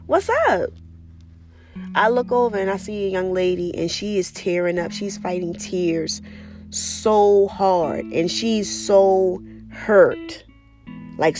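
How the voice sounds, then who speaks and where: Candid, low-voiced woman talking casually. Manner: candid, profane, animated storytelling. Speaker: spiritual vlogger. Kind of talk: casual personal monologue.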